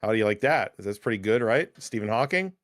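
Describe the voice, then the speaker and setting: A man doing a celebrity impression in a slow, mechanical robot-like voice. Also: on the low side. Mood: deadpan. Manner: slow, flat, mechanical delivery. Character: robotic synthesized-voice impression of a scientist.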